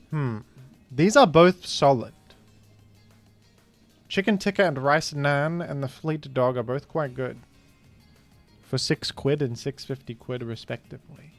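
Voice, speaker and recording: Animated man commentating a guessing game. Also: medium pitch, a little slow, vocal fry, faint music behind. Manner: animated, incredulous outbursts. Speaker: streamer. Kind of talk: casual gaming commentary.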